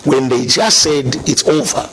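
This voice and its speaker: A middle-aged man telling his conversion story as a guest, animated and laughing now and then. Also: mid-range voice, measured pace, slight background noise. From Zambia. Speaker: guest sharing testimony.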